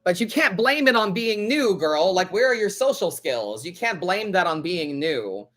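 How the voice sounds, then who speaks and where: A man's voice: sits high, big pitch swings, moderate pace, a bit bright. A man hosting a live tarot stream, chatting casually in a blunt, sassy way and swearing freely. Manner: blunt, sassy, swears freely, acts out other people's lines.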